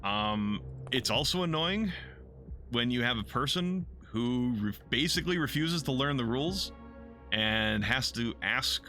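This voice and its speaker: A man's voice: mid-range voice, expressive, a little slow, pushed and bright, faint music behind. A man chatting casually while streaming a game, rambling and cursing, answering chat and poking fun at himself. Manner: rambling, profane, self-deprecating, reads and answers chat.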